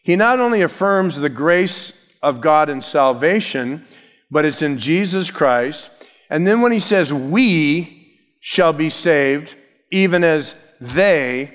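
A man's voice: fairly high pitch, in a large hall. A man preaching an expository sermon as pastor, emphatic, stressing key words and shifting his pace.

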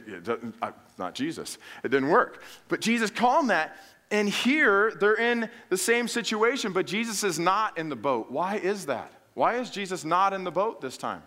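A man with a slightly higher-than-usual voice delivers a casual, conversational sermon. He tells stories in a folksy way, slips in humorous asides, and acts out quoted lines as he retells them. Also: fairly bright tone. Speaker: preacher.

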